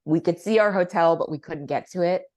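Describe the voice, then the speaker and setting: Woman cohost, lowish voice, dry amused storytelling. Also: brisk, darkish tone. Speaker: podcast co-host. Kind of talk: casual chat.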